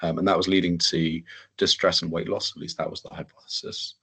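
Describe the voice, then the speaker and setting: An English man hosting a webinar panel in an easygoing, halting way, with many ums and restarts. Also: sits low, level tone, vocal fry, pushed and bright, husky. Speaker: webinar host.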